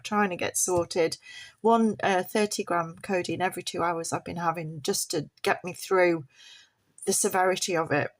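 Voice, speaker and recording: Chatty woman talking from bed. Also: mid-range voice. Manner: chatty and rambling, laughing often. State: recovering from tonsillitis, throat still sore. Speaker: budgeting vlogger. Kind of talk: casual chat to camera. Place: at home in bed.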